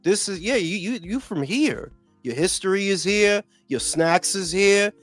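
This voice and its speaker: A New York podcast host rants in a profane, animated way on his casual show, his high voice swinging widely in pitch. He speaks a little slowly, with no echo and faint music behind him.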